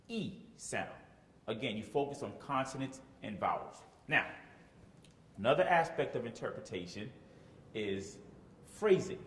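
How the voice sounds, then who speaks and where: A man's voice: on the low side, expressive, a little slow, slight background noise. A man teaching choir rehearsal, explaining step by step and checking in with "okay?". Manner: explanatory, says "okay?" often, sings phrases to demonstrate. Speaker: choir director. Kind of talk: instructional talk with sung examples. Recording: echoey room with long reverb.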